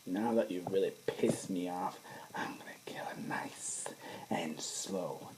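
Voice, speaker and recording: A sinister male supervillain hisses his threats in a breathy whisper, as a man puts him on. His delivery is slow and taunting, and his pitch drops below an ordinary speaking voice. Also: poor audio. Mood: venomous. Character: sinister scheming male supervillain, hissing menace.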